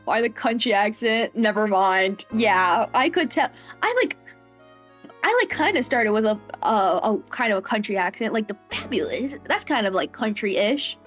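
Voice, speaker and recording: Giggly woman streamer, high lively voice. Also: moderate pace, soft background music. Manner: giggly, slangy. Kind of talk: casual gaming stream chat.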